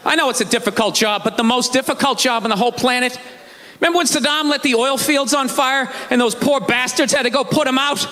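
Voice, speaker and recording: A man doing a stand-up routine, ranting with mock outrage and bursts of shouting. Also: very high-pitched, fast. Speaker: stand-up comedian. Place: theater stage before a live audience. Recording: live hall with crowd laughter.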